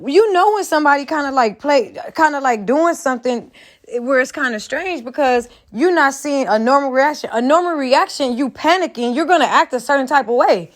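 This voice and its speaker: Donna dalla voce acuta, schietta e scurrile, che commenta con foga. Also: female voice, high-pitched, lively intonation, moderate pace. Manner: heated, blunt, profane, repetitive. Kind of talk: profane reaction commentary.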